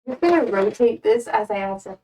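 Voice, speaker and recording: A woman's voice: medium pitch, lively intonation, a little fast, warm tone, far from the mic, a little hiss or hum, poor audio. A young American woman chatting casually with her stream while repotting plants, rambling and self-deprecating. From United States.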